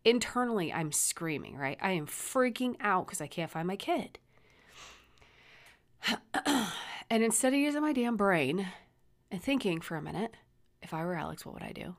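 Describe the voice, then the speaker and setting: A middle-aged woman hosting a podcast, casually retelling a story about her kid in a blunt, rambling way, swearing freely. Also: mid-range voice. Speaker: podcast host and mother.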